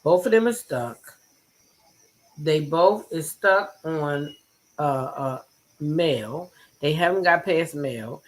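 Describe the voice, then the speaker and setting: Low-voiced woman host dishing gossip. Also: slow, low-quality recording. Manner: blunt, animated, swears freely. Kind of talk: casual gossip chat.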